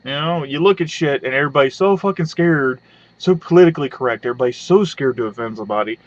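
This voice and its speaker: A man's voice: medium pitch, quick pace, no room sound. Man ranting crudely into a webcam. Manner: crude, rambling, sarcastic, with hums and asides. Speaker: webcam vlogger. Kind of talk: profane comedic rant. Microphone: webcam mic. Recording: dull lo-fi webcam audio.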